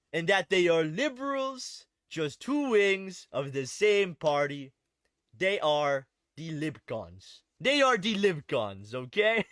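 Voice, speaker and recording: A man putting on the Canadian of an indignant middle-aged male politician, with slow, emphatic, mocking delivery. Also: high voice, a bit bright, dry recording, exaggerated voice.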